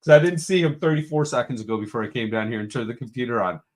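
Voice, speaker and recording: Medium-pitched and rapid-fire, a man hosting a casual live-stream show from his home computer room cheerfully greets chat viewers in quick succession.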